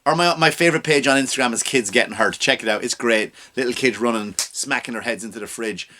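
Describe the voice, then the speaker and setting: A man's voice: medium pitch, fast, sharp tone, slight background noise. A middle-aged man, an immigrant to the US, hosting a comedy podcast with a profane, mocking rant. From abroad, immigrant to the US. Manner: ranting, profane, mocking impressions.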